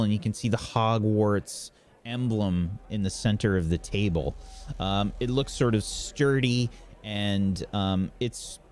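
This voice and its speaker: A man acting as game master, narrating the scene in a relaxed, meandering way with many fillers. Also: fairly low pitch.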